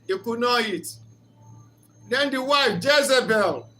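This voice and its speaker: A man's voice: very high voice, animated, slow pace, pushed and bright. A man giving an earnest, preacher-like reflective talk on marriage, mixing in story retellings. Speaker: speaker of a reflection channel.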